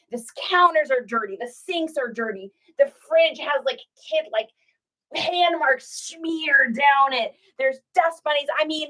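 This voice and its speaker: A middle-aged woman talks casually to her livestream viewers from home. She is animated and chatty, and her voice sits a little high. She tells a long story and puts on voices for the people in it. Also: low-quality recording. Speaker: reseller livestream host.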